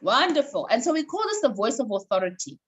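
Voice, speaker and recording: A woman leading an online voice workshop over a video call, animated and coaxing. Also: on the high side, fast, husky, poor audio. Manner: animated, instructive, coaxing participants. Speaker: voice coach running a workshop.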